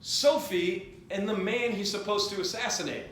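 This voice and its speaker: A man's voice: sits high, normal speed, a bit bright. Rambling man in a very echoey room. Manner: rambling, jokey, acts out quoted voices. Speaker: storyteller. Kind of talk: comedic drunk history retelling. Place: at a party. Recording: very echoey room with faint noise.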